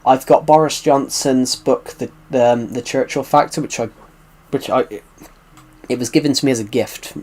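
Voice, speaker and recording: A man's voice: mid-range voice, moderate pace, darkish tone. A British man from the UK chatting casually on a live stream, rambling and circling back to repeat himself as he answers viewers' questions. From United Kingdom. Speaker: livestreamer answering chat.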